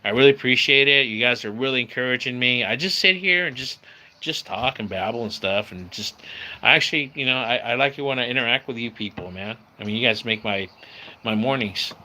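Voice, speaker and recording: Laid-back man, sharp voice. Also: medium pitch, brisk. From San Diego, California. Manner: laid-back, says bro and dude a lot. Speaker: livestream host. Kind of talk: casual live-stream chat with viewers. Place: at home near a screen door.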